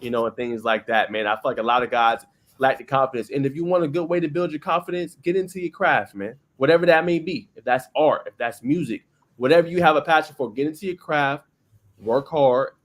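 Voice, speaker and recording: Male podcast host, mid-pitched voice, playful and conversational, casual chat. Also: brisk. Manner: playful, conversational, peppered with "you know what I'm saying".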